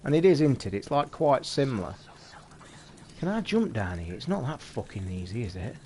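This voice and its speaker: A man's voice: medium pitch, sing-song, normal speed, mellow, a little hiss or hum. A man streaming a game live, chatting casually to his viewers and swearing constantly as he plays. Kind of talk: casual live gameplay commentary.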